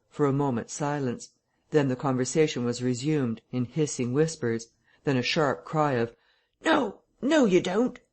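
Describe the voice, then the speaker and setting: A man reading a classic novel aloud as an audiobook narrator, in a measured, even manner. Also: medium pitch. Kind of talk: scripted narration.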